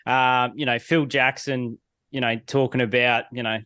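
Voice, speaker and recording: A man hosting a podcast interview, asking halting questions full of fillers. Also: medium pitch, little pitch movement, pushed and bright, clear, resonant tone, no room sound, clean studio sound. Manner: halting, filler-heavy questions with "you know". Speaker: podcast host.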